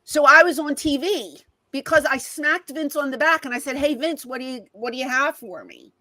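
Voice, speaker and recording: Guesting on an interview, a middle-aged former wrestling personality swaps casual stories at a moderate pace, reenacting entire conversations with lively quoted voices. Her pitch runs slightly high for a woman. The low-quality recording is dry and close, with no room sound.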